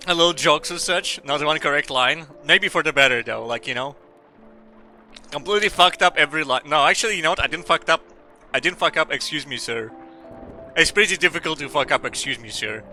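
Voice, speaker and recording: Bright-voiced laughing game streamer man. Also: on the high side, brisk, soft background music. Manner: rambling, laughing, swearing freely. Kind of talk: casual gaming stream commentary.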